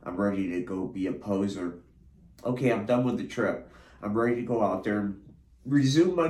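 Under the influence of a drug, this podcast host taped his own treatment session, speaking at a moderate pace with a fairly low pitch and darkish tone in a roomy space. Disoriented, he swears his way through a scattered stream of consciousness, slipping between mumbling and anguished cries.

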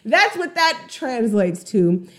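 A woman giving casual, slangy music commentary in an animated way, retelling a song's story. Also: on the high side, slow pace. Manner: animated, slangy, acts out song dialogue.

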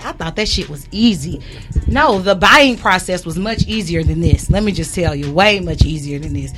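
A woman's voice: fairly low pitch, animated, normal speed, over music. A woman co-hosting a podcast, telling blunt and profane stories in a casual chat. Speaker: podcast co-host.

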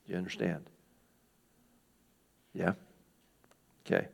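A middle-aged pastor preaches a sermon conversationally, putting questions to his listeners and acting out the people in the passage. His voice is low, creaky and husky, with a flat, slow delivery.

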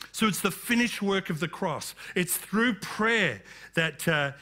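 A man's voice: sits high, sing-song, slow pace, pushed and bright. A man pastor preaching a sermon, emphatic and rising, with frequent calls of amen.

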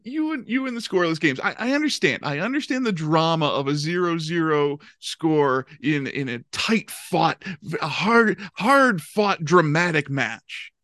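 A man's voice: a little high, animated, measured pace, few pauses, fairly bright tone, no room sound, clean studio sound. A man hosting a podcast in casual comedic chat, friendly and playful, stammering at times. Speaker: podcast host.

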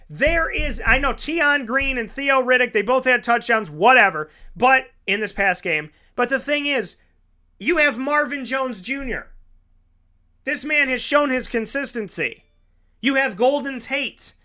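High bright-voiced man ranting on football. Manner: emphatic, ranting, repeats for effect. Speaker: sports show host. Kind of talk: opinionated football commentary.

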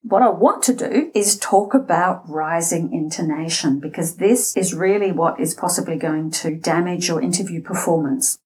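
A middle-aged Australian woman, a voice and interview coach, explaining speech habits in a deliberate way, with a slightly scratchy voice and shifts in pace and loudness for emphasis. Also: fairly low pitch. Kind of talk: instructional talk.

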